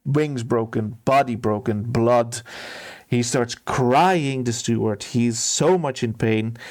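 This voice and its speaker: A man narrating a tabletop game as game master, telling the story vividly and dramatically. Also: medium pitch.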